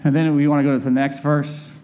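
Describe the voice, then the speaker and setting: A man's voice: a little high, flat delivery, fast talker, mellow, slight background noise. A man preaching a conversational sermon, candid and personal, often turning to ask his listeners questions.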